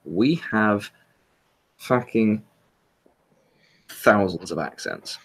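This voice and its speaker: A man's voice: on the low side, lively intonation, drawn-out words, fairly bright tone, husky. A man hosting a comedic chat, talking in a blunt, sweary way. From Britain. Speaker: host.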